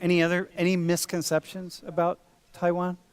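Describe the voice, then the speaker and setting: In a large lecture hall, a university professor with a high, smooth voice teaches in a mostly monotone, slightly fast delivery. Even so, he talks casually and playfully, calling his students dude and bro.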